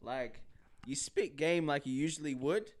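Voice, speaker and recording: A man's voice: fairly high pitch, measured pace. A young Australian man co-hosting a podcast, jokey and slangy in casual chat. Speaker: podcast co-host.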